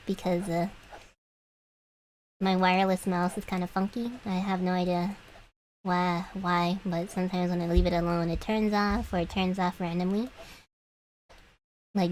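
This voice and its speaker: A woman's voice: on the low side, a little mellow, a little hiss or hum, low-quality recording. Giggly young woman streamer. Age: young adult. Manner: rambling and giggly, with frequent laughs and restarts. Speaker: VTuber artist streamer. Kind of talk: casual chat while drawing. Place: home room.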